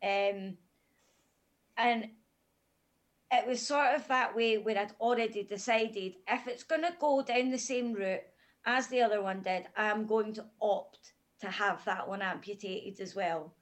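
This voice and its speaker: Frank, calm woman telling her story. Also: mid-range voice, a little slow. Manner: calm, frank, matter-of-fact. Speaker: podcast guest. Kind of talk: candid personal storytelling.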